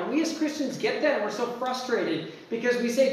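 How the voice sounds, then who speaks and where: Pastor guy preaching, kinda high voice, mic far off, super echoey church. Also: normal speed. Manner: animated, acts out quotes, restarts often. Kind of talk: sermon. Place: church sanctuary.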